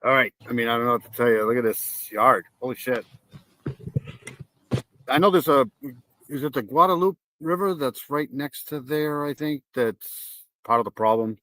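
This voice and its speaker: A man's voice: mid-range voice, moderate pace, pushed and bright, dry recording. Man exclaiming in reaction to clips, dry sound. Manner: exclaiming, nervous laughter, swears. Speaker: live stream host. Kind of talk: live reaction commentary.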